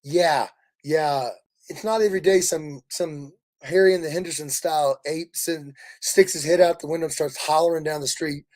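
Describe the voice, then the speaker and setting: A man from Kansas City, Missouri, hosting a casual livestream, animated and laughing as he rambles through stories. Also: a little high, normal speed. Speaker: livestream host.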